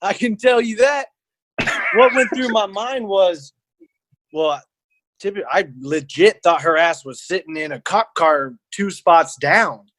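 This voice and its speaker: A man's voice: high-pitched, expressive, unhurried, fairly bright tone, no echo. A man co-hosting a podcast, chatting casually and teasing his co-host with jokes. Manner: joking, teasing interjections. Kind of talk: casual chat.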